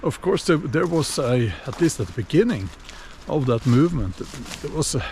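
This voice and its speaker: A man giving a casual opinion monologue while walking outdoors, unhurried and musing, with many fillers and restarts. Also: fairly high pitch, very animated, darkish tone, slight background noise. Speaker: video blogger.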